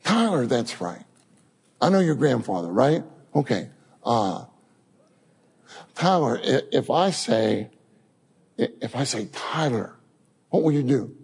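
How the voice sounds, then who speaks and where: A man's voice: medium pitch, very animated, slow, gravelly, pauses often, a little mellow, breathy edge. A man preaching an informal sermon, repeating words and calling out short prayers.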